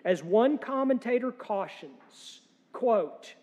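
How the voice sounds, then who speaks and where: A man's voice: very high voice, animated, slow, darkish tone, husky, long reverb tail. A man preaching a sermon as pastor, earnest and emphatic, with rhetorical questions and dry humor. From United States.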